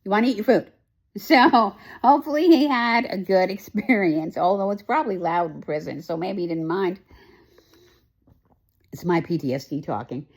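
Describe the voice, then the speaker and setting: A woman's voice: fairly low pitch, animated, moderate pace, a little mellow. A woman hosting a casual chat, recapping a TV show with lots of emotion, rambling with many fillers and restarts. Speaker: host.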